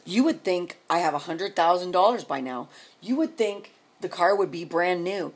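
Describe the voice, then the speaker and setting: Middle-aged woman vlogger, breathy and lowish, venting in a sarcastic, rambling rant. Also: lively intonation, moderate pace.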